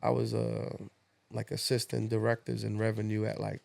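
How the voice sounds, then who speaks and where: A man's voice: lowish voice, moderate pace, creaky. A man guesting on a podcast, telling stories in casual, profane chat and laughing often. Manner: animated, laughing, profane storyteller.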